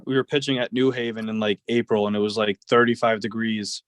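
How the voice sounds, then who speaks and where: A man's voice: fairly low pitch, steady tone, brisk, dry recording. A young man in his twenties, a baseball player, telling stories in a casual interview, rambling with lots of "like" and "uh". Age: 20s. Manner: rambling, many fillers like "like" and "uh". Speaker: guest, professional baseball player.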